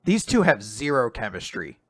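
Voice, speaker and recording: A man co-hosting a podcast, giving relaxed, thoughtful opinions in casual chat. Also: mid-range voice, moderate pace, husky, no room sound, clean studio sound. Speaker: podcast co-host. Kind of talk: casual chat about manga.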